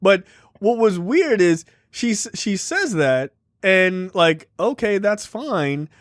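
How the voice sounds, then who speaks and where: A man's voice: sits high, big pitch swings, slow pace, no echo. A man co-hosting a movie review podcast, recapping the plot casually with lots of fillers and joking asides. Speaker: podcast co-host.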